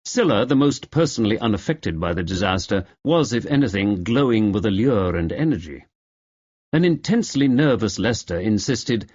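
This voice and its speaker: A man narrating a mystery audiobook in a wry, expressive way. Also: lowish voice, moderate pace, no echo. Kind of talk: scripted narration. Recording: slightly dull audio.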